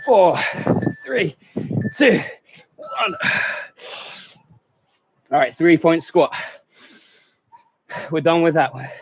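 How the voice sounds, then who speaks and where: A winded male fitness coach leads a live workout, calling out counts and pushing people to keep going. His voice sits a little high and his pace is unhurried. The stream audio is dull and lo-fi. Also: sing-song, a little hiss or hum. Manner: counts down reps and urges on, with short laughs. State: out of breath.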